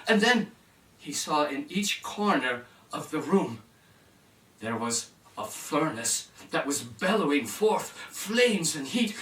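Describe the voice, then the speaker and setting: A man tells a fairy tale to children at an unhurried pace, and his pitch leaps and dips as he plays up each moment. He calls out to his listeners now and then. He is heard from a distance in a roomy space. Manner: animated, shifting into character voices and addressing the audience. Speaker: storyteller. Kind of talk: storytelling for children.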